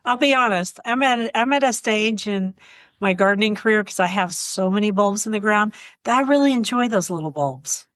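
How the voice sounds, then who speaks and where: Oklahoma woman chatting gardens, laid back, soft little asides, dead dry sound. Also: medium pitch, normal speed, dry recording. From Oklahoma, USA. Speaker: podcast co-host. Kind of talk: casual gardening chat.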